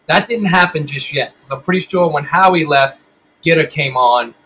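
A man's voice: a little high, moderate pace, bright, forceful tone, a little hiss or hum, poor audio. A middle-aged man and band musician, telling stories in a casual interview with lots of swearing and rambling restarts.

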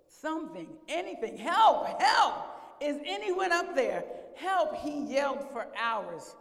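A woman preaching a sermon, telling a story and acting out its voices, rising at times to a shout. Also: medium pitch. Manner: acts out voices, voice swells to shouting. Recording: echoey hall.

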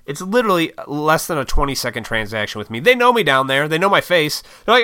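A vlogger, short on sleep, tells a rambling, profanity-laden story to the camera, mocking his own impatience in a casual monologue. His voice sits on the high side, animated and bright with a forceful edge, and he talks fast and smooth with few pauses. The recording is clean studio sound with no echo.

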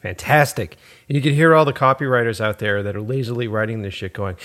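A man in his forties rants sarcastically in a casual podcast chat, swearing freely. His pitch swings widely as he talks. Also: expressive, normal speed, fairly bright tone. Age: 40s. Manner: profane, ranting, sarcastic. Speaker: podcast co-host.

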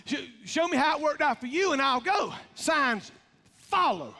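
A man's voice: very high-pitched, lively intonation, measured pace, sharp tone. A man preaching a folksy, emphatic sermon, joking and calling out to his congregation. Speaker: pastor. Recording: long reverb of a large hall.

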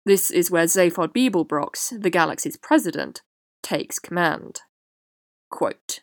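A woman hosting a podcast, reading a prepared essay in a measured way. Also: fairly low pitch, animated, no echo, studio quality. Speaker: podcast host. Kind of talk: scripted essay narration.

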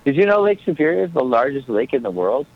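A man's voice: medium pitch, very animated, quick pace, no echo. Joking man on a muffled phone line. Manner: joking, rambling. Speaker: co-host calling in. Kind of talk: casual sports talk banter. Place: small airport. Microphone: phone call.

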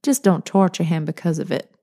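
A woman's voice: fairly low pitch, expressive, a little fast, dark tone. Woman doing a teasing old grandmother. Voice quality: soothing, drawling.

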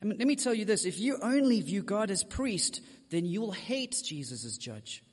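Animated high-voiced male preacher. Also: moderate pace, long reverb tail. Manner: direct, addresses the congregation with asides. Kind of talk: sermon.

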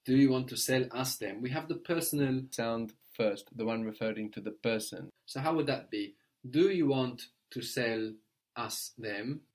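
A man's voice: medium pitch, normal speed. A man teaching a language lesson, patiently prompting and correcting a learner.

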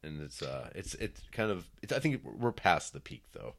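Man, very low voice, stuffed up, lively pitch, casual podcast chat. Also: normal speed. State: stuffed up with a cold. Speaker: podcast co-host. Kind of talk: casual chat over a video call.

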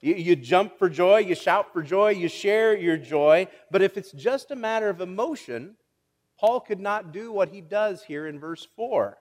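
A man's voice: high voice, lively intonation, measured pace, a little mellow. A man preaching a sermon as pastor, playfully teasing his congregation and often repeating words as he restarts a phrase. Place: church sanctuary. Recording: long hall reverb.

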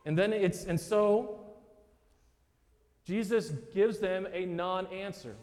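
A man with a high voice preaches a sermon to his congregation, with a loose, conversational delivery. His voice rings out with a long reverb through the church sanctuary. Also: slow pace, a little mellow. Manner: conversational preaching, addresses listeners as "guys". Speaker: pastor.

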